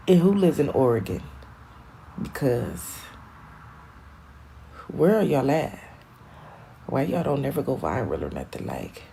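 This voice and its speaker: A young woman from Michigan chatting on a live stream, rambling, animated and profane, laughing at her own jokes. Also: very deep voice, creaky, a little hiss or hum. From Michigan, USA. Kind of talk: casual live-stream chat.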